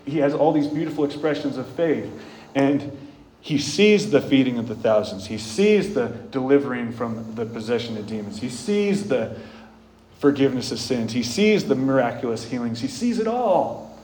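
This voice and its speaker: A man preaching a sermon, retelling scripture stories in an earnest way, rising loud and bold, then dropping soft and slow. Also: medium pitch, a little hiss or hum. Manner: earnest storytelling, swings between loud bold stretches and soft slow ones. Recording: echoey room with faint ambience.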